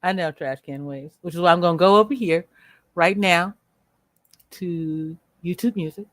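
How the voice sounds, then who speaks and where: A woman hosting a livestream, speaking bluntly and with profanity as she rants at viewers, slowing down to stress her words. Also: fairly low pitch, dry recording, studio quality. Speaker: livestream host. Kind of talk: unscripted livestream commentary.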